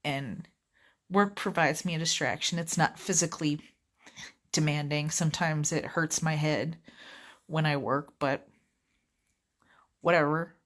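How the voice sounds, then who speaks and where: Woman, lowish voice, rambling casual work rant, easily sidetracked. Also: steady tone, measured pace, long pauses. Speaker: vlogger, customer service rep.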